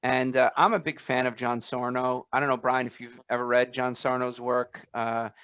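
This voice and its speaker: A man's voice: medium pitch, normal speed, no echo. Emphatic male podcast co-host, dull dry audio. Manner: animated, emphatic storytelling with many fillers. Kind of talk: conversational podcast interview.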